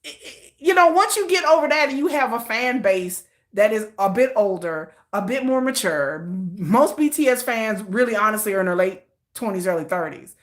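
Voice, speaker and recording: A woman hosting a casual livestream, animated and slangy, laughing often. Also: fairly high pitch, normal speed. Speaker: livestream host.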